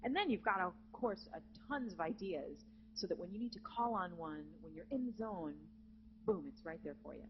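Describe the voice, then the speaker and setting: A woman's voice: on the low side, expressive, normal speed, highs cut off, a little hiss or hum. A woman teaching a vocal jazz masterclass, chatty and breaking into short sung phrases. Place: conference hall with live student audience.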